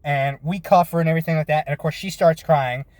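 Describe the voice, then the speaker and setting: A man telling a lively, profane story about his work as a bounty hunter, with frequent restarts. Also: on the high side, fast, dry recording. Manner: lively retelling with swearing and restarts. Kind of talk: casual storytelling vlog.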